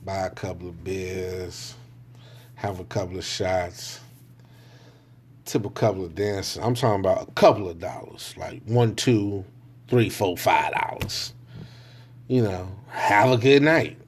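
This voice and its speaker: Low and a bit breathy, this man's voice carries a casual monologue rant on his own podcast. He talks in profane street slang and keeps slipping into rapid impressions of other people.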